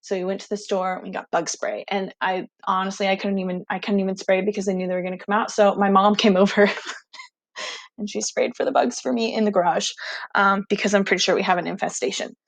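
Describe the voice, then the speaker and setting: A young woman teacher telling her students a casual, animated story, excitable and full of "like". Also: medium pitch, fast, no echo.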